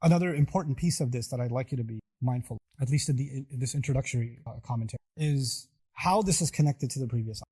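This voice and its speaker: A man's voice: medium pitch, fast talker, few pauses, dark tone, breathy edge. A middle-aged man giving a sermon, asking the audience rhetorical questions and acting out quoted voices. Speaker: preacher.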